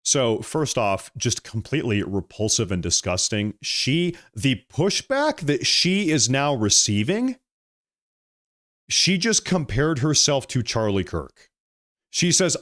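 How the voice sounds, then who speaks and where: A man's voice: medium pitch, big pitch swings, unhurried, a bit bright. A man hosting political commentary, ranting heatedly and firing off repeated rhetorical questions.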